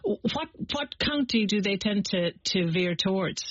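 A woman co-presenting a radio discussion, talking with many pauses and restarts. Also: mid-range voice, animated, dry recording. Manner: hesitant, many uhs and restarts. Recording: dull lo-fi radio broadcast.

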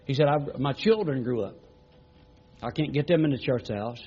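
A man's voice: mid-range voice, normal speed, slightly rough, dull audio. A middle-aged man preaching a sermon as a pastor, retelling conversations in a folksy, repetitive way with many "he said" tags.

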